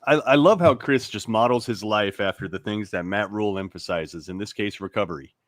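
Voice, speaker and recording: A man co-hosting a casual sports talk show, animated and rambling, often laughing and restarting his sentences. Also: on the low side, brisk, no room sound. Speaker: sports radio co-host.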